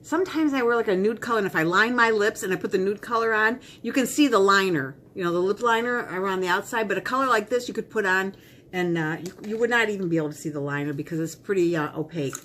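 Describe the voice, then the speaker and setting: Middle-aged woman, rambling makeup vlogger, bright animated delivery, faint room hiss. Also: mid-range voice, fast. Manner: chatty and rambling, talks to herself. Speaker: beauty vlogger. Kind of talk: casual unboxing chat.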